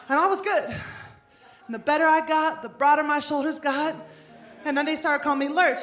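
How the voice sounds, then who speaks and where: A woman's voice: high voice, normal speed. Brash, crude woman doing stand-up. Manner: brash, crude, deadpan storytelling. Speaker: stand-up comedian. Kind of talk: live stand-up set. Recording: roomy live club with music. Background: music.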